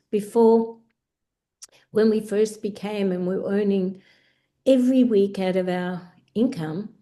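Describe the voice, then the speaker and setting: An older woman speaks with a mellow, warm voice on a video call. She talks passionately and emphatically, and her voice rises as the feeling builds. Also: mid-range voice. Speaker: guest speaker. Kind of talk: motivational talk on a call.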